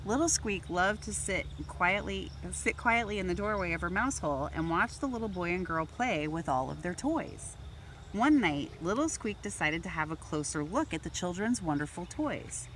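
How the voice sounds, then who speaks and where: A woman's voice: on the low side, expressive, normal speed, slight background noise. Woman reading a children's picture book. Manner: gentle storytelling, raising voice for toy characters. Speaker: volunteer reader.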